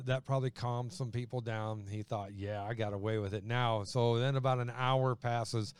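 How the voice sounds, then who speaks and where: A man's voice: medium pitch, clear, resonant tone, dry recording, clean studio sound. A man preaching a sermon in a conversational way, acting out quoted voices as he goes. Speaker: pastor.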